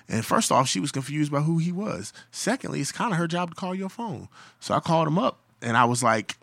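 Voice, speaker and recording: A man co-hosting a podcast, telling stories in a loose, animated way and laughing often. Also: fairly high pitch, fast, vocal fry, breathy edge, dry recording. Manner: animated storyteller, acts out voices in quotes, laughs often. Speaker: podcast co-host. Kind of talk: casual storytelling chat.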